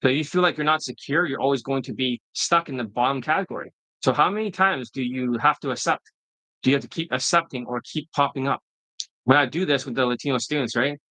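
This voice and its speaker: A man's voice: medium pitch, fast talker, sharp tone, no room sound, low-quality recording. A middle-aged man giving a blunt, profane coaching rant, often tossing in "right?". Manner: keeps asking "right?" to prompt agreement. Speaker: dating coach. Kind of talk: ranting coaching monologue.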